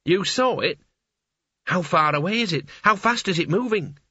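Brief: man doing an anxious, rambling wizard, bright husky voice, dull dry lo-fi sound. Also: high-pitched, animated, moderate pace, no echo, pitched above the performer's own voice, exaggerated voice. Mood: flustered. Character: flustered fussy male wizard.

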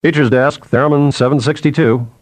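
A brash, deep-voiced newspaperman who talks bluntly and pushily, as a man puts him on. His voice is dry and close, with no room sound. The figure comes from a spoken storybook. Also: fairly even intonation, a little fast, dry recording, lightly acted. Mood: impatient. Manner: blunt, pushy.

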